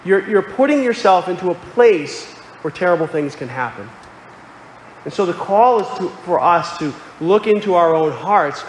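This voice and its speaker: A man's voice: on the high side, a little hiss or hum. A man preaching a sermon, earnest and explanatory, quoting scripture aloud. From Connecticut. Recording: echoey hall with faint ambience.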